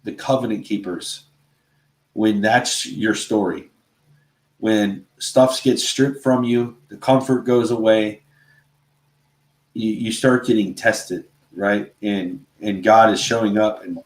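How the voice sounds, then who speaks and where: A man's voice: on the low side, steady tone, slow. A man co-hosting a casual faith talk show, speaking earnestly and rambling, with a constant "right?" and "you know". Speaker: podcast co-host.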